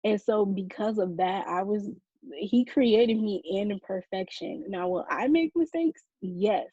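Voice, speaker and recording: Slow, husky-voiced woman guest. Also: medium pitch, expressive, dark tone, dry recording, lo-fi sound. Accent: Southern American. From American South. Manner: slow, thoughtful, earnest. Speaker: podcast guest. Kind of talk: interview answers.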